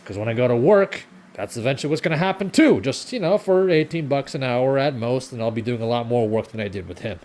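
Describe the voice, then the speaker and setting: A man's voice: mid-range voice, expressive, quick pace, hardly any pauses, a little mellow. Sarcastic young man ranting in his kitchen. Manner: frustrated, sarcastic, swearing often. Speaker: vlogger. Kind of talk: ranting vlog while cooking. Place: home kitchen.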